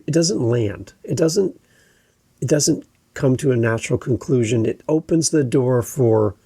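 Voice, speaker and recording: Gravelly Canadian man, earnest podcast host. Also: mid-range voice, warm tone, no room sound. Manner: earnest, explanatory, with frequent restarts. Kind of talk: podcast monologue.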